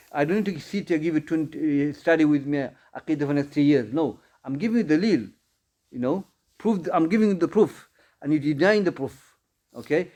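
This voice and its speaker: A man's voice: on the high side, a little mellow. A man teaching an informal Islamic studies class, answering students' questions in a conversational way, with many repeats and restarts. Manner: conversational, repeats phrases, frequent restarts and fillers.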